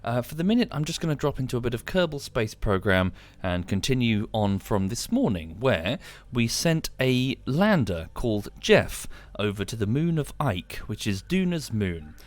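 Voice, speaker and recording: A man's voice: mid-range voice, big pitch swings, normal speed, few pauses, dry recording. A man, chatting casually on a live game stream, tired and dry, rambling with frequent ums.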